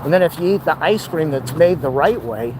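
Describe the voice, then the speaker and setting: A man's voice: on the high side, lively intonation, brisk. A man vlogging while he walks city streets, ranting with strong opinions and out of breath from the uphill climb. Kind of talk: rambling walking vlog. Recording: faint street noise outdoors.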